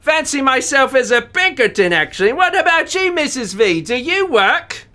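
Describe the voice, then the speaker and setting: A man voicing a cheerful, gossipy British gentleman in a plummy put-on British accent. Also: extremely high pitch, big pitch swings, moderate pace, voice pushed up, full character voice. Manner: jolly, plummy, chatty.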